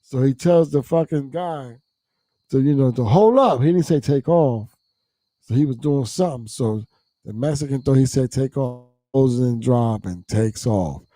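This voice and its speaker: A man telling a profane, animated story as a guest in casual chat, acting out quotes, on a close mic. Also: mid-range voice, moderate pace, no echo.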